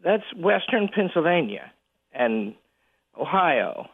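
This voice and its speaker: Calling in over a tinny phone line, an older male college president speaks as an interview guest in a voice on the high side, sing-song, creaky and husky, with no echo. Frequent chuckles punctuate his halting speech, which is full of restarts.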